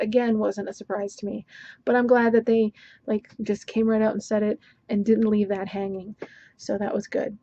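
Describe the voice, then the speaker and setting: A woman's voice: fairly high pitch, mellow, no room sound, lo-fi sound. A woman giving a casual book review, exasperated and sarcastic as she rants. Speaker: book vlogger.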